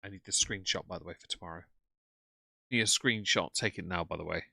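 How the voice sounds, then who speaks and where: A man's voice: low-pitched, fairly quick, gravelly, sharp tone, dry recording. A man, commenting bluntly and sarcastically while reading out chat on a live stream.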